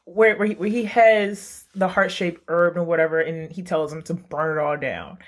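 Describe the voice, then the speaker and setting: A man's voice: fairly high pitch, steady tone, normal speed. A man co-hosting a casual podcast chat, rambling with many restarts. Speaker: podcast co-host.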